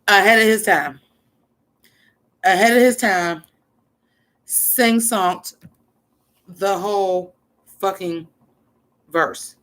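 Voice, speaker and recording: A woman hosting a casual music stream, loose and profane, reminiscing and giving shout-outs to friends. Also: medium pitch, drawn-out words, pauses often. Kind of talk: casual chat over music. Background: faint hip hop music.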